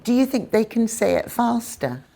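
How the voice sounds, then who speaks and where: A woman with a British accent teaching English pronunciation, modelling sounds clearly and carefully. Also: fairly high pitch, very animated, normal speed, mellow, slight background noise. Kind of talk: pronunciation lesson.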